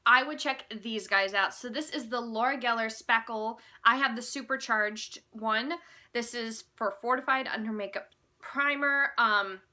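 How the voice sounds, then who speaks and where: Young female vlogger, casual rambling chat, bright and fairly high. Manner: chatty, rambling, self-correcting. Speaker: beauty vlogger.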